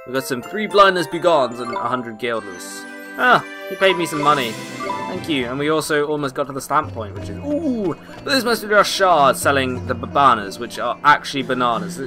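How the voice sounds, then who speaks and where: A man's voice: mid-range voice, sing-song, normal speed. A young man doing casual, joking let's play commentary, slangy and rambling, recorded on a home mic. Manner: loose and joking, slangy, trails off. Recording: voice over game audio with music. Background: game music.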